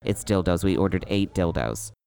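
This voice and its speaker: A man's voice: low-pitched, expressive, normal speed, vocal fry, a little mellow. A man co-hosting a podcast, telling a story in a loose, rambling way with plenty of restarts. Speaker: podcast co-host. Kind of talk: casual chat.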